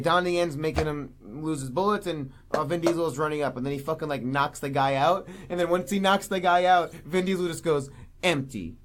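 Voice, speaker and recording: Man co-hosting a movie podcast, somewhat high voice, swears constantly, animated, laughs a lot. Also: slight background noise. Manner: profane, animated, laughs often. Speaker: podcast co-host. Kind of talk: casual movie review chat.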